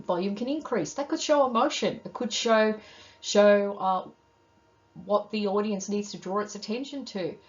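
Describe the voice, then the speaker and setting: Woman teaching in a slightly muffled recording. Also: medium pitch. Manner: clear, measured teaching tone with guiding questions. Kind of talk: recorded lesson explaining terms.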